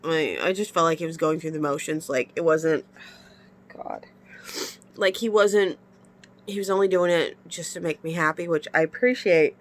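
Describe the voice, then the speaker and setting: Stuffy-nosed from crying, a woman vents frankly in an emotional confessional vlog, sighing often. She speaks at a normal speed in a low-pitched voice.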